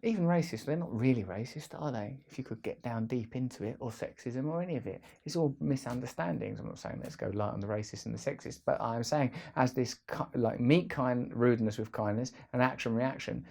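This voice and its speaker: A man's voice: medium pitch, brisk, gravelly, few pauses, darkish tone. A man hosting a casual, rambling vlog, full of playful jokey asides. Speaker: host.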